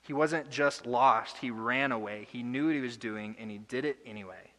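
A young adult man preaching a sermon earnestly, building to loud emotional peaks. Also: mid-range voice, moderate pace, few pauses, big-room sound. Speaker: pastor. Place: church hall.

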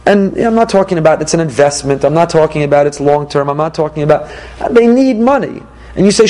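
A man, a rabbi, giving an emphatic Torah class with rhetorical questions and animated delivery. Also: on the high side, rough recording.

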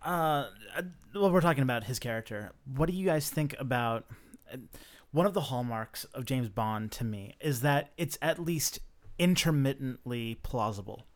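A man in casual chat, skeptical and halting, with fillers between his points. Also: mid-range voice, animated.

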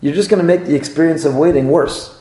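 A man, a rabbi teaching a class, lively and repetitive, acting out little dialogues as he lectures. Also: a little high, fast talker. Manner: animated, repeats phrases and acts out little dialogues. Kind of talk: Torah class lecture with audience questions. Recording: roomy echoey room.

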